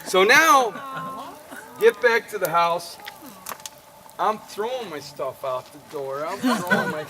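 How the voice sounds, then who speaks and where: A middle-aged man telling a story to friends at a party, laughing through it in an animated way, in an amateur video recording. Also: sits high, slow pace. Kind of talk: casual anecdote to a group. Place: outdoor gathering with friends. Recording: loud noise, amateur video.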